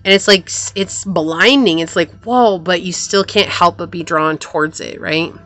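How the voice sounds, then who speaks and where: A woman's voice: fairly low pitch, moderate pace, a bit bright, dry recording. A woman giving a casual tarot reading to camera, rambling and repeating phrases, with a sore throat. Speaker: tarot reader.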